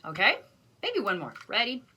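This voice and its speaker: A woman's voice: medium pitch, huge pitch swings, normal speed, loud music behind the voice. A woman band teacher recording a video lesson, counting off beats and explaining patiently with self-deprecating asides.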